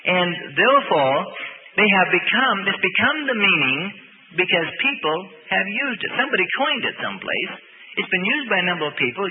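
A man's voice: sits high, a little hiss or hum. A man preaching a sermon in a folksy, rambling way, with plenty of fillers. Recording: tinny lo-fi radio broadcast with reverb.

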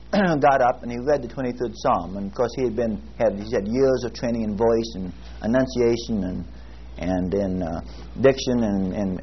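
A man teaching a Bible class, praying and telling a story in an earnest, halting way, with frequent fillers and restarts. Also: mid-range voice, breathy edge. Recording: muffled lo-fi recording with faint hiss.

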